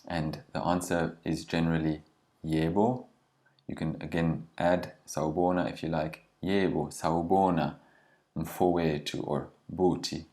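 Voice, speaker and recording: Male language teacher, very low voice, patient and explanatory. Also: flat delivery, warm tone. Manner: patient, slows down to model pronunciation.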